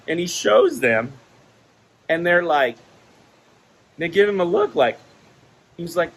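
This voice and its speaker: A man's voice: sits high, lively intonation, slow, long pauses, fairly bright tone, a little hiss or hum, rough recording. A man casually telling personal stories in a monologue, laughing often and acting out the quoted exchanges. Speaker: vlogger sharing stories.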